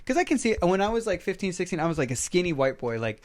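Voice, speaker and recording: Young man, slightly high voice, podcast host, swears a lot, animated storytelling. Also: quick pace. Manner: profane, animated, acts out voices in his stories. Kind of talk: casual storytelling chat.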